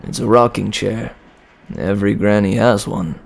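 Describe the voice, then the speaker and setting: A man's voice: fairly low pitch, steady tone, normal speed, vocal fry. A man playing a horror game, reading the dialogue aloud and muttering dry asides. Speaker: game player. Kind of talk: let's-play commentary and reading dialogue.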